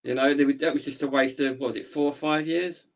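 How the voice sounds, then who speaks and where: A man in casual live stream chat, sounding weary and giving flat opinions. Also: mid-range voice, fast, gravelly.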